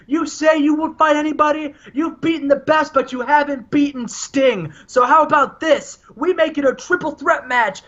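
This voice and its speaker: A man doing a loud, fired-up wrestler. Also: very high-pitched, lo-fi sound, voice pushed up. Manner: yelling challenges. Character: shouting wrestler, adult man, fired-up and boastful.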